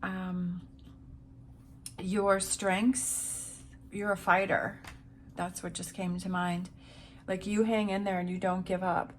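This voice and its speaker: A woman's voice: on the low side, level tone, slow pace, pauses often, a little hiss or hum. Encouraging woman giving a tarot reading. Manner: encouraging, repetitive, reassuring. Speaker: tarot reader.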